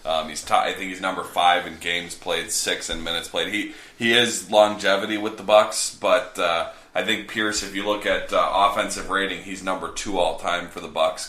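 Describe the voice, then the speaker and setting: A man's voice: low voice, sharp tone, roomy sound. A man co-hosting a sports podcast, chatting casually and easygoing as he rattles off team statistics. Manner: stat-heavy, easygoing, chuckling. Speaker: podcast co-host.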